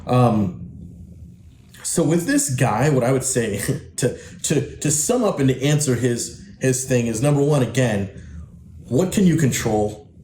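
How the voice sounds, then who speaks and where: This man, a podcast host and coach for men, has a dark, mid-range voice and an unhurried, sing-song delivery. He lectures bluntly and emphatically, cursing often, in a preachy monologue. The recording has an echoey room and slight noise.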